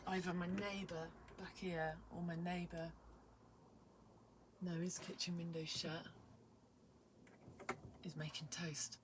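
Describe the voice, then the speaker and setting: Young woman, low-pitched, chatty and rambling, excitable, slips into whispers, faint room ambience. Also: slow, pauses often, noisy background. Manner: excitable, rambling, many fillers, drops to whispers. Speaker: vlogger. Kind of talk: casual vlog chat.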